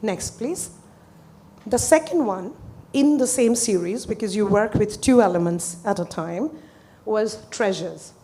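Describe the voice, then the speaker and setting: A woman therapist presenting a client case to an audience, speaking earnestly and hesitantly, with pauses. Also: mid-range voice, warm tone.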